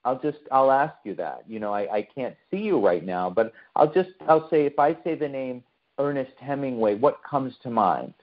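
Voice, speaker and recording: A man's voice: mid-range voice, lively intonation, moderate pace, dull audio. A man from the United States giving a conversational online talk to a remote audience, often posing questions to his listeners. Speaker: lecturer.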